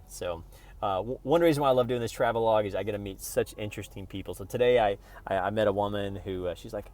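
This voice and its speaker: A man's voice: on the low side, quick pace, a little mellow. A man from Oklahoma talking casually to camera in a rambling, playful travel vlog, full of restarts. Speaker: vlogger.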